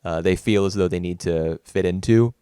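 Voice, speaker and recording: A man's voice: low voice, moderate pace, dark tone, clean tone, no echo, studio quality. A man co-hosting a casual film podcast, thoughtful and rambling with many fillers and restarts. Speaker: podcast co-host. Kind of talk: casual film review chat.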